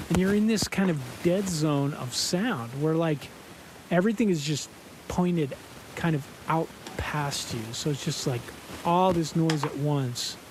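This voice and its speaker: A man's voice: fairly high pitch, unhurried, background noise. A man who hosts a podcast and sings in a band, telling a story casually and acting out the quotes with lots of fillers. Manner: animated, acts out quotes, many fillers. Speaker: podcast host and band singer.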